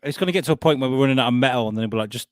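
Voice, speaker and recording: A man's voice: medium pitch, racing, no room sound, clean studio sound. A young man hosting a comedy podcast, bantering casually, swearing freely and laughing often.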